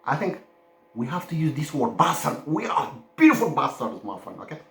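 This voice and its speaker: A man's voice: a little high, big pitch swings, a little fast, creaky, a bit bright. A man from the Horn of Africa talking in a loose, rambling monologue, forever adding "my friend" and "okay?". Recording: roomy echo.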